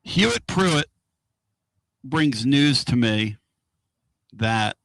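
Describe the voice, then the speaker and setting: A man hosting a casual radio talk show from inside a moving car, excitable and rambling. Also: medium pitch, very slow, no echo. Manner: excitable, rambling and loud-mouthed.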